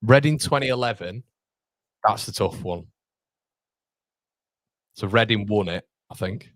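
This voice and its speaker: A man chatting excitedly on a live stream, reacting to the chat and the football match as he watches. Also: on the low side, unhurried, dry recording, clean studio sound.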